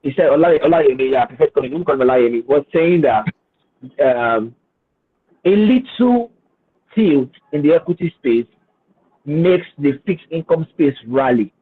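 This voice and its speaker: A man's voice: on the high side, expressive, moderate pace. A man speaking as a finance guest on a webinar, hesitant and repeating words, then explaining with emphasis. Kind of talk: webinar talk with screen share. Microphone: video call. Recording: husky voice over a tinny phone-like line.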